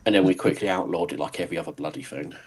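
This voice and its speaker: A man's voice: deep voice, racing, darkish tone, a little hiss or hum, low-quality recording. A British man in casual conversation on a live stream, with dry, wry humor. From Britain. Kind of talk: casual chat.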